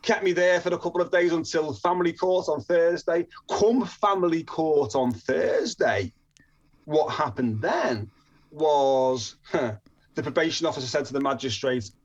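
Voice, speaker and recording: A man's voice: a little high, normal speed, lo-fi sound. A man from northern England telling a personal story in a chatty way, with frequent restarts and chuckles.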